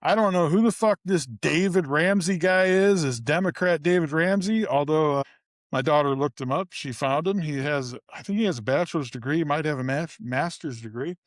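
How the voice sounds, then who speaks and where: A middle-aged man, co-hosting a podcast and ranting about local politics in a profane, animated way. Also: normal speed, no echo, clean studio sound. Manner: profane, animated storytelling with sudden pitch jumps. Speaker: podcast co-host. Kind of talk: casual ranting chat. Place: studio.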